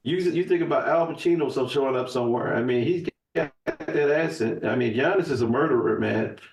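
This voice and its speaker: A man's voice: medium pitch, brisk, a little mellow. Emphatic man in an echoey room. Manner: emphatic, profane, rambling with restarts. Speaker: podcast guest. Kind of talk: casual chat. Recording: echoey room, voice from far off the mic.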